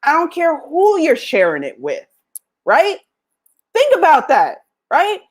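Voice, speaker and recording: A middle-aged woman gives a motivational podcast talk in a bright, high voice. Her pitch swoops widely as she tells stories and acts out old conversations, often breaking into laughter. The delivery feels animated and personal. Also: slow. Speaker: podcast host.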